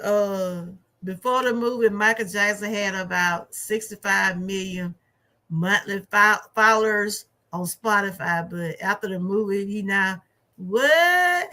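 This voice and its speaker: A middle-aged woman, reviewing a movie in a chatty, animated way. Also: mid-range voice. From Georgia, USA. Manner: animated, chatty storytelling with laughs and asides. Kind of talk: casual chat.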